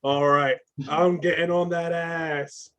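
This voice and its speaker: A man's voice: a little high, little pitch movement, takes it slowly, a bit bright, rough recording. A man playing a tabletop game, chatting casually with loose, laughing asides. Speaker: player.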